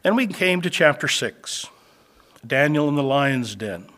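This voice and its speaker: A male preacher teaching through scripture in a sermon, his voice sitting a little high for a man. He builds to loud, stressed phrases, then drops to quiet, low asides. He slows right down to stress the points that matter. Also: expressive. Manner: swings between loud emphatic lines and quiet low asides.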